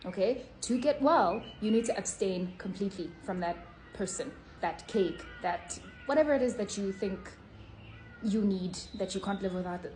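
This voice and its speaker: A woman with a darkish, mid-range voice vlogs about health to her phone at a moderate pace, slight background noise around her. She scolds bluntly and frequently ends points with a tag "okay?"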